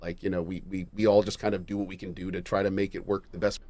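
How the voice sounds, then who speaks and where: A man hosting a casual gaming talk show, musing aloud with halting restarts and casual swearing. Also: deep voice, flat delivery, a little mellow, no echo. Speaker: podcast host. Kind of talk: casual gaming news discussion.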